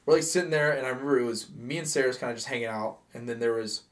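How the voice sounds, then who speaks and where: Young male podcast co-host, easygoing, profane, rambling storyteller at mid pitch. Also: racing. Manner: loose, profane, laid-back storytelling with lots of fillers. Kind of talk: casual storytelling chat.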